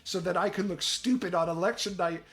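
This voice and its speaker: A streamer reading an article aloud in casual chat, ranting in disbelief with sudden shouts and crude, mocking banter. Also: medium pitch, brisk, soft background music.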